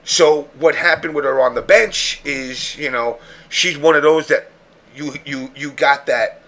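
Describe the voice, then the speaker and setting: Brief: male podcast host, a bit high, tense and bright, rough gravelly edge, profane storyteller. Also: a little slow. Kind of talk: casual chat.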